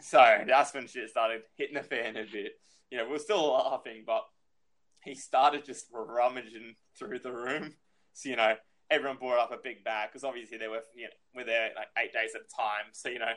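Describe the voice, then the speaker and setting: A man's voice: mid-range voice, fairly even intonation, fairly quick, a bit bright. A man telling a rambling story in casual chat, swearing freely and filling with "you know".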